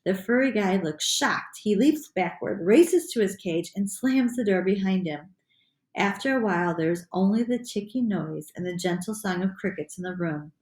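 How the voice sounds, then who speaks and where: A woman reading a children's chapter book aloud in an animated, playful storytelling voice. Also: mid-range voice, moderate pace. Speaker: audiobook reader. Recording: echoey room.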